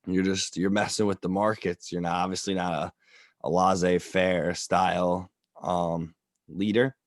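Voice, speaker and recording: Low-voiced slangy man chatting. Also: a little slow, dry recording, studio quality. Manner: slangy, relaxed, opinionated. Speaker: podcast co-host. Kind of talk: casual economics chat.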